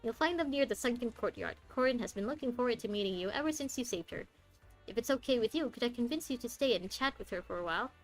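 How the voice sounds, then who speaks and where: A woman voicing a courteous, formal male butler, speaking in a polite, measured way. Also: a little high, animated, soft background music, close to an everyday voice, poor audio.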